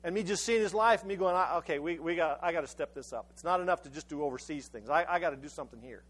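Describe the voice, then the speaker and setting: A man's voice: fairly high pitch, quick pace, a bit bright, slightly rough. A male pastor giving a conversational sermon, often stammering and restarting his words as he tells a story.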